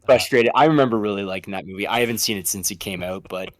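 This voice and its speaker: A man's voice: fairly low pitch, quick pace, no echo. A man co-hosting a film podcast, chatty and playful, talking casually about movies. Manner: chatty, playful, breaks into impressions. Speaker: podcast co-host.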